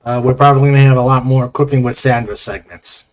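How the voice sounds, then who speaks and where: A man hosting a casual livestream chat, rambling with many pauses and reading viewer comments aloud. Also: mid-range voice, steady tone, crowd noise. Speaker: host.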